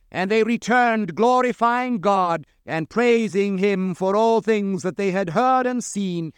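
A man's voice: sits high, a bit bright, clean tone, no echo, studio quality. A male preacher delivering a radio sermon, earnestly pressing rhetorical questions and quoting scripture in old English.

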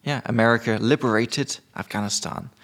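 A man's voice: medium pitch, brisk, a bit bright. A man hosting a casual podcast, teaching vocabulary with jokes and casual swearing. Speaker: podcast host and English teacher.

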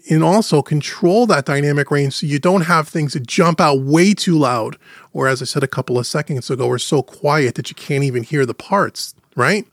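Male podcast host, slightly high voice, chatty explainer, dry close studio mic. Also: no echo. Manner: chatty, explanatory, slows down to stress points. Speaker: podcast host teaching audio mixing. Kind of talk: casual podcast teaching. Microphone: studio microphone through gentle compression.

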